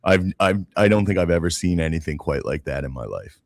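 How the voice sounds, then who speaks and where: This low, creaky male voice moves briskly with lively intonation, captured in a dry, clean studio recording. The Canadian co-host of a casual political podcast talks bluntly, swears freely, and keeps restarting sentences with repeated opening words.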